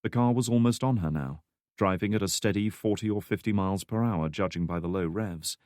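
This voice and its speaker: A man narrating a thriller audiobook in a steady, measured way. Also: fairly low pitch, dry recording, clean studio sound. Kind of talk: scripted narration.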